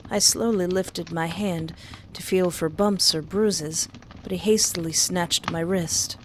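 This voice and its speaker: A woman reads a first-person story aloud at an unhurried, deliberate pace, with small hesitant pauses. A faint hiss of background noise sits behind her voice. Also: on the low side, steady tone, a little mellow. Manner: slow, measured reading with hesitant pauses.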